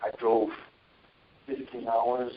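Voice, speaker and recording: A man's voice: medium pitch, takes it slowly, phone-quality sound, slight background noise. A man preaching informally on a Christian talk show, telling stories from his own life and reading scripture. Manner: animated storytelling with scripture readings.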